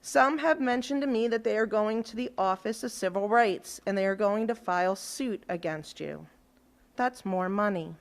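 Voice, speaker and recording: A woman giving a measured, reproachful public comment at a school board meeting. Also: mid-range voice.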